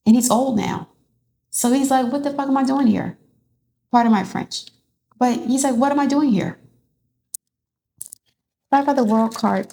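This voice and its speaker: Tarot reader, woman, mellow and gravelly, rambling casual delivery. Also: mid-range voice. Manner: rambling, with many restarts.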